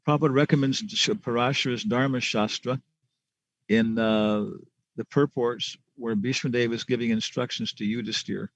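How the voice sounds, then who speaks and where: Gravelly guy lecturing on scripture, chatty storyteller, kinda muffled lo-fi audio. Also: mid-range voice, steady tone, moderate pace, no echo. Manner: chatty storytelling with restarts and chuckles. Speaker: spiritual teacher.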